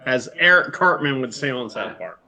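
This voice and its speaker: Middle-aged Southern US man, animated yarn-spinner, salty language, remote call. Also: mid-range voice, normal speed. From Georgia, US. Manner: animated storyteller, swears freely, jumps between topics. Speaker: guest. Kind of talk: casual chat.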